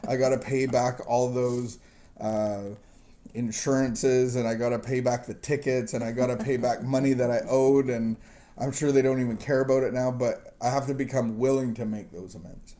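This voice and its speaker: A man's voice: mid-range voice, steady tone, moderate pace, mellow. A man hosting a recovery talk show, telling stories in a rambling, self-deprecating way with chuckles and restarts. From missionary kid raised partly in Southeast Asia. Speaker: recovery podcast host. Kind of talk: casual conversational storytelling.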